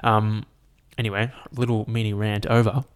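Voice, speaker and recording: A man's voice: lowish voice, little pitch movement, moderate pace. A young man, chatting casually to his audience in a rambling, sweary rant. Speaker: vlogger. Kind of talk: casual chat. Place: at home, at a laptop.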